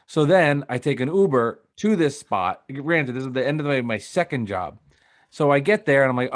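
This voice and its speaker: A man's voice: medium pitch, moderate pace, no echo, studio quality. A man co-hosting a sports fan podcast, telling stories in casual chat and acting out the other people's lines. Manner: animated storytelling, acts out dialogue. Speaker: podcast co-host.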